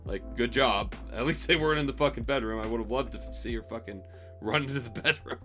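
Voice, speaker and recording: A man's voice: medium pitch, fast, sharp tone, soft background music. A young man telling a rambling, profanity-laced story about a bad job, exasperated and wry. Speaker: streamer telling stories. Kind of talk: casual storytelling.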